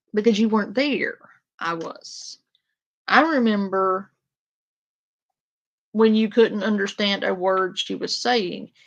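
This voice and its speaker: In casual live-stream commentary, a woman streamer addresses her chat bluntly and confrontationally, peppering her speech with fillers. The voice is medium-pitched and a bit bright, captured in dull audio.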